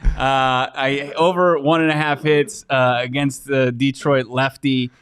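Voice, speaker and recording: A man co-hosting a casual sports betting chat, easygoing and quick with asides. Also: mid-range voice, flat delivery, fairly bright tone, smooth, dry recording.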